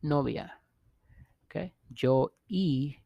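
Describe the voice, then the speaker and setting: A man teaching Spanish vowels in a casual video lesson, pausing often to check in with the viewer. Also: a little high, vocal fry, warm tone, dry recording, dull audio. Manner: halting, restarts often, checks in with "okay?" and "right?".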